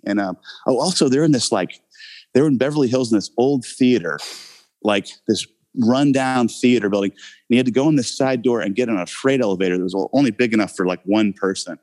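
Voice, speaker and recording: A man telling a story about his early acting career in a relaxed interview, rambling with many fillers and frequent laughs. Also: mid-range voice, fairly quick. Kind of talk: casual anecdote in an interview.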